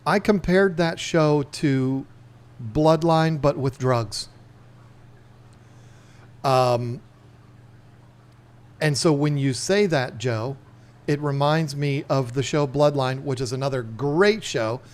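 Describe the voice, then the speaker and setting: A man's voice: mid-range voice, slow, long pauses. Chatty man hosting a livestream. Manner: chatty, rambling, talks to camera and chat. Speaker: livestream host. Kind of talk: casual livestream chat.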